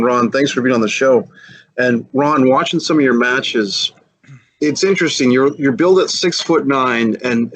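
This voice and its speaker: A man's voice: medium pitch, fairly bright tone, rough recording. A man co-hosting a podcast, asking long, detailed questions of a guest. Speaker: podcast co-host. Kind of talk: interview questions.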